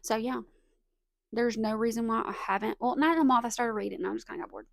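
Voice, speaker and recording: A woman's voice: a little high, fast, creaky, no room sound, studio quality. A young woman with a slight Southern US accent, chatting nervously and rambling about books in a casual video, full of self-aware asides. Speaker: booktuber. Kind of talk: casual chat.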